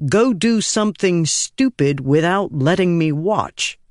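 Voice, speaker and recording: A man's voice: sits high, animated, a little slow, no room sound, clean studio sound. A man voicing a wry, confident young nobleman soldier in an audiobook.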